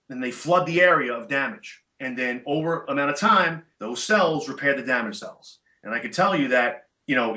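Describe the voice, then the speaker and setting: A middle-aged man, a podcast guest, telling stories in casual chat, animated and emphatic with blunt profanity. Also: medium pitch. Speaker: podcast guest, chiropractor and jiu-jitsu black belt. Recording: echoey room, dull lo-fi sound.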